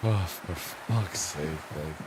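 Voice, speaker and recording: A deep-voiced man speaks slowly in a very noisy recording, streaming his gameplay live. Fed up with the game's faults, he swears all the time, rants, and keeps breaking into laughter.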